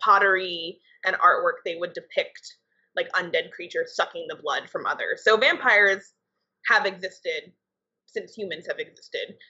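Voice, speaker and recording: A woman's voice: fairly low pitch, unhurried, sharp tone, husky. A young adult woman co-hosting a podcast, explaining things in a loose, conversational way. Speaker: podcast co-host, writer and editor. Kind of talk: casual podcast chat. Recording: dull lo-fi podcast audio.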